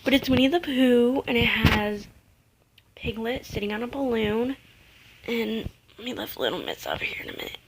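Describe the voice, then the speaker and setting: A woman's voice: fairly high pitch, sing-song, normal speed, vocal fry, background noise. A young woman vlogging casually from home in a rambling, chatty way, sometimes dropping to a near-whisper. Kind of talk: casual chat. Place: home, indoors. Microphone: camera mic.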